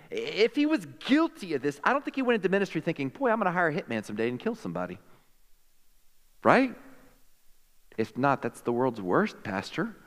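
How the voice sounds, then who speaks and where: A man preaching a sermon in a fairly high voice, animated and quick to joke with the congregation. His voice rings with the long reverb of a church hall. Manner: animated, jokey preaching with quick asides to the crowd. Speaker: pastor.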